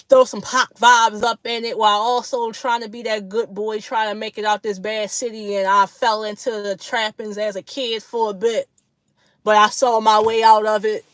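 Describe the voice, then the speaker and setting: A woman's voice: mid-range voice, no room sound. A woman hosting a casual livestream chat with her viewers, blunt, slangy and profane, laughing often between remarks. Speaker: livestream host.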